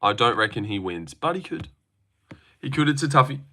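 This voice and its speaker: A man's voice: medium pitch, animated, fairly quick, bright, forceful tone. A young man on a live stream, reading and answering chat with sarcastic, argumentative, swear-filled talk.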